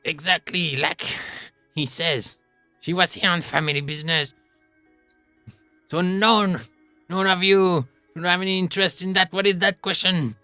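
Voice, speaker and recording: A man doing a secretive, defensive guy, curt, high and sharp voice, dry sound. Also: fairly even intonation, unhurried, long pauses, clear, resonant tone, no room sound, faint music behind.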